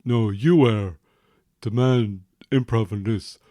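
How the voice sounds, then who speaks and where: A man's voice: fairly low pitch, takes it slowly, dark tone, no room sound, studio quality. A man voicing his imagined future son, a sulky sixteen-year-old boy embarrassed by his dad, in a whiny, dismissive and mocking tone.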